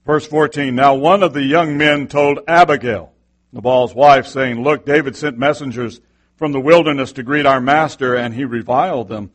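A man's voice: medium pitch, steady tone, moderate pace. A middle-aged male pastor preaching a sermon with passion, firing off rhetorical questions.

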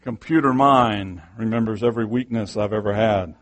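A man's voice: fairly low pitch, normal speed, fairly bright tone. A middle-aged male pastor preaching a sermon with passion, firing off rhetorical questions.

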